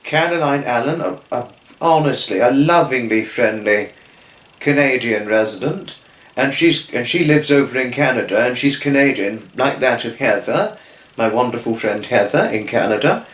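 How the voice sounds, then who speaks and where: In an echoey room on a rough recording, a man with a mid-range, fairly bright voice hosts his own channel. He delivers a rambling, gushing spoken tribute to his friends, packed with restarts and fillers.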